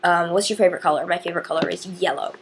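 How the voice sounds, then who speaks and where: A woman's voice: fairly low pitch, racing, a little hiss or hum. A teenage girl from northern Indiana chatting to camera in a rambling, casual way with lots of fillers. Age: teens. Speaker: vlogger.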